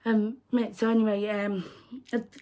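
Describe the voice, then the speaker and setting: Young UK woman, casual vlogger, lively storyteller who acts out the voices of people in her story. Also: mid-range voice, a little slow. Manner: animated retelling, acts out quoted voices. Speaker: crochet vlogger.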